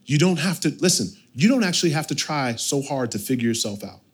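Pastor, male, thirties, slightly high voice, lively storytelling sermon with sharp loud-soft swings. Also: a little fast, breathy edge. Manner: storytelling, animated, with sudden loud and quiet turns.

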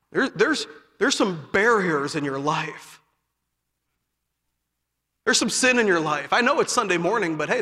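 A man from Chicago delivers an impassioned sermon in a high, ringing voice. His bright tone carries through the long reverb of a large hall. He builds to shouts, then falls to hushed, heavy lines. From south side of Chicago. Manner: impassioned, rising to shouts and dropping to hushed tones. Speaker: preacher.

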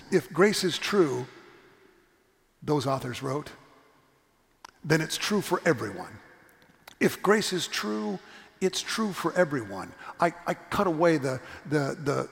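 A man's voice: a little high, creaky. A middle-aged male pastor preaching a sermon, telling a story earnestly and repeating his point with emphasis. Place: church sanctuary. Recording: long reverb of a church hall.

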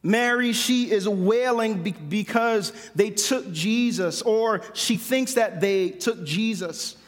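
An emphatic male preacher with a fairly high voice, driving his points home by repeating them. His sermon rings out with a long reverb, as in a large hall or church. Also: slow. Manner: emphatic, repeats phrases for stress.

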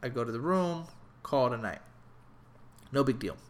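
A young adult man telling a comedic travel story in a casual, animated, profane and rambling way. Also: medium pitch, normal speed.

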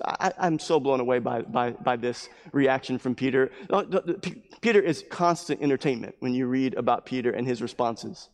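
A man's voice: mid-range voice, a little fast, hardly any pauses, big-room sound. A man pastor preaching a sermon at a church service, emphatic and repetitive, building his points with mounting fervor.

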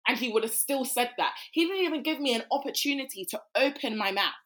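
A woman, co-hosting a podcast and telling a story in casual chat, animated and full of swearing. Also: on the high side, fast talker. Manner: animated, swearing, mimics people. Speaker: podcast co-host.

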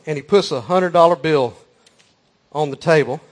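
Preacher guy, folksy and emphatic, high-ish voice, says y'all a lot. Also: moderate pace. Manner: folksy, emphatic, repeats key phrases. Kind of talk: sermon storytelling.

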